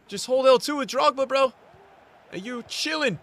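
A young man giving live commentary on a football video game as he plays, swinging from mumbled asides to loud outbursts. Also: very high-pitched, moderate pace, gravelly. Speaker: gaming streamer.

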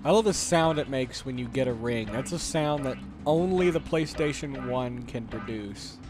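A man's voice: mid-range voice, normal speed, music in the background. A man giving casual, jokey commentary while playing a video game, grumbling at the levels. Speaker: let's play host.

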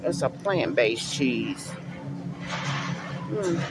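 A woman's voice: rumbling low, sing-song, extremely slow, vocal fry, loud music behind the voice, poor audio. A middle-aged woman chatting to her viewers as she browses a large store, thinking aloud about what to buy. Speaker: vlogger. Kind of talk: casual shopping vlog talk to viewers. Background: store ambience.

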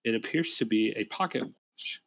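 A man's voice: lowish voice, moderate pace, vocal fry, a bit bright, no room sound, lo-fi sound. A man narrating a tabletop game as game master, with many fillers and restarts.

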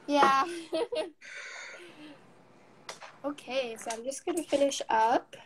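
A woman's voice: sits high, takes it slowly, over a noisy crowd. A young adult woman hosting a live painting session, upbeat and encouraging, chatting casually as she paints. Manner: encouraging, upbeat, laughs often. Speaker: live-stream painting host. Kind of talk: casual chat while painting.

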